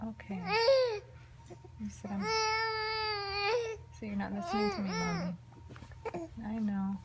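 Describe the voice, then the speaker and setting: A young mother coaxing her baby in gentle baby talk, often dropping to a half-whisper. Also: medium pitch, expressive, slow pace, very noisy.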